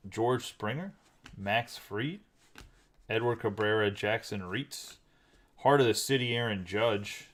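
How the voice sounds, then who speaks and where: A man hosting a live card break, chatting casually and rattling off names quickly. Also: fairly low pitch, a bit bright.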